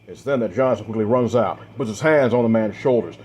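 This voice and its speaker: Guy running a tabletop game, kinda low voice, slow dramatic storytelling w/ a few uhs. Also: a little mellow, breathy edge. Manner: measured, dramatic storytelling with occasional fillers. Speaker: game master. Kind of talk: narrating a tabletop role-play story.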